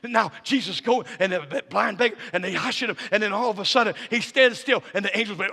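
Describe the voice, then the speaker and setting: Male guest preacher, very lively pitch, folksy delivery, shouted highs, church reverb. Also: fairly quick, breathy edge. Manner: swings from low intimate storytelling to shouted climaxes; folksy Southern-style phrasing with "ain't" and "y'all". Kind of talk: sermon. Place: church sanctuary.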